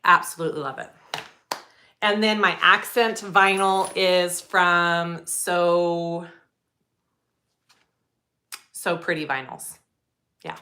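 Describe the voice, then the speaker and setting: A woman's voice: lowish voice, fairly even intonation, slow, long pauses, sharp tone, slight background noise. A woman hosting a live sewing tutorial, chatting casually and greeting viewers as she works. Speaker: sewing livestream host.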